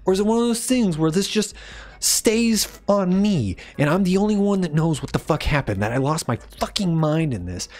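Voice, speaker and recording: Male gaming YouTuber, exasperated, cursing, very expressive pitch, jumps from muttering to shouting. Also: moderate pace. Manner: swearing, frustrated, pleading with the game; swings from mumbling to yelling. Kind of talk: let's play commentary.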